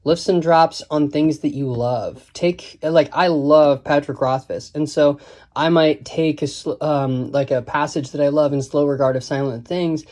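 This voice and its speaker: A man's voice: fairly high pitch, fairly even intonation, a little slow, darkish tone. A man giving a casual, digressive lesson on writing, thinking aloud and reciting quotes and lines of verse. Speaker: writing teacher.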